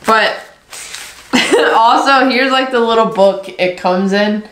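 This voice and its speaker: A woman's voice: a little high, slow, fairly bright tone. Matter-of-fact woman in an echoey room. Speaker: co-host. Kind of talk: casual vlog chat. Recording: echoey room with faint noise.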